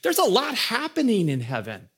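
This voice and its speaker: A middle-aged man preaching a sermon as a pastor, swinging between soaring, lifted lines and hushed, intimate ones. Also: sits high, wildly swooping pitch, normal speed, husky.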